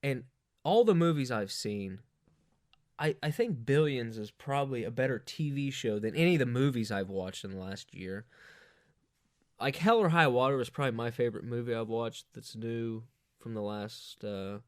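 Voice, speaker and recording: A man's voice: medium pitch, expressive, moderate pace, no echo, clean studio sound. A man hosting a comic monologue, ranting in a crude, profane, rambling way. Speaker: host.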